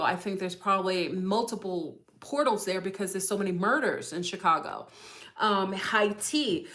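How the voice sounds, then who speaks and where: A woman talks casually to viewers of her livestream, voice sitting at an everyday middle pitch. She muses aloud and drifts between thoughts, often turning back to her audience with a quick "okay?" or "right?". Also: fairly bright tone. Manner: rambling, musing aloud, speculative; often checks in with listeners. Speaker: livestream host.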